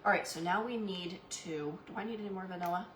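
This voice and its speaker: A woman's voice: on the low side, quick pace, roomy sound, background noise. A woman hosting a live painting demo who chats in a goofy way with viewers and calls them "y'all". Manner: chatty and goofy, answers live chat by name. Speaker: craft live-stream host.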